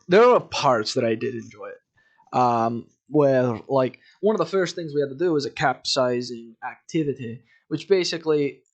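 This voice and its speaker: A man's voice: mid-range voice, dull audio. A young adult man hosting his own podcast, telling a long rambling story in a casual, profane, self-amused way. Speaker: podcast host.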